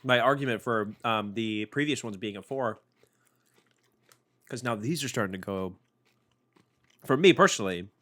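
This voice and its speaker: A man's voice: fairly low pitch, expressive, moderate pace, pauses often, fairly bright tone. Laid-back male podcast co-host. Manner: laid-back, laughs often, musing. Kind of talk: casual food-tasting chat.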